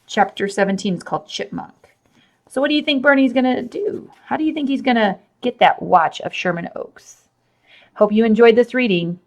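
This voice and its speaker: A woman reading a children's chapter book aloud with animated, expressive storytelling. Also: a little high, normal speed. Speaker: storybook reader.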